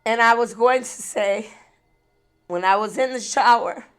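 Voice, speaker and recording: Woman ranting on her spiritual vlog, kinda high, laughs a lot, teary and mad. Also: a little slow, clear, resonant tone, soft background music. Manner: laughs between thoughts, repeats phrases. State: tearful, angry. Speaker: spiritual channel host. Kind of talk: emotional direct-to-camera vlog.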